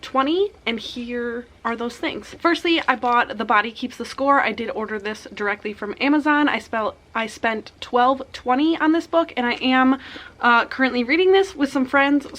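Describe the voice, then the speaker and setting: A young woman chatting casually about her month of reading, upbeat and quick, with a slightly tired morning voice. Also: fairly high pitch, fairly bright tone. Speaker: book vlogger. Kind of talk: casual chat.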